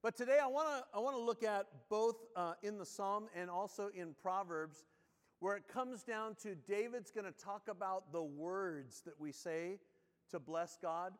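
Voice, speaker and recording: High-voiced preacher in a reverberant church. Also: male voice. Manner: animated storytelling, drops low and slow when reading scripture. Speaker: pastor. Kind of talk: sermon. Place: church sanctuary. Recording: long reverb of a church hall.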